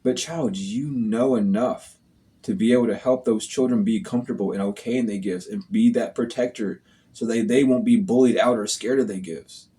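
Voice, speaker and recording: A man's voice: fairly low pitch, moderate pace, warm tone. A man talking straight to his viewers as a spiritual reader, in a blunt, profane, scolding way. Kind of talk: casual monologue to viewers.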